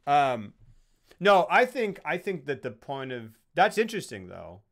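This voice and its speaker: A man's voice: fairly high pitch, big pitch swings, normal speed. A man on a casual film podcast, rambling as he retells movie scenes. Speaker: podcast co-host.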